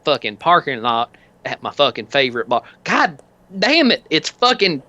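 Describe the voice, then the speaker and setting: A surly biker gang leader who threatens and curses through every line, as a game master puts him on. The voice is forceful and bright, recorded dry and close. It sounds like a tabletop game scene. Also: male voice, a little high, very animated, normal speed, no room sound, lo-fi sound. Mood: angry. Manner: gruff, threatening, swearing constantly.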